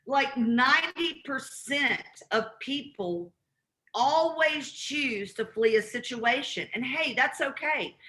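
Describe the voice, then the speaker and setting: Bright-voiced Southern woman teaching cold calls. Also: high-pitched. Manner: animated, demonstrates cold calls by role-playing both sides. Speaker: real estate investing trainer. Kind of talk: live training call.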